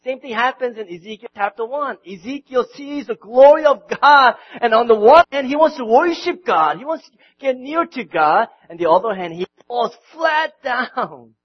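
A man preaching a sermon, swinging from loud outbursts to quiet, intimate passages and often repeating his words. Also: very high-pitched, lively intonation, normal speed, husky, muffled recording. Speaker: pastor.

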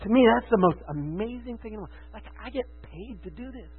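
High husky guy preaching, gets quiet then loud and fired up, tinny like a phone. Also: expressive, fast talker. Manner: passionate, swings from hushed to loud emphatic. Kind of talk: sermon. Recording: tinny phone-like sound with mains hum.

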